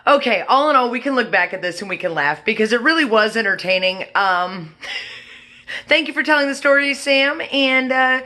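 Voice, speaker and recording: A woman's voice: on the high side, lively intonation, moderate pace, pushed and bright. A woman co-hosting a casual chat, cutting in with dry, sarcastic asides. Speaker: co-host.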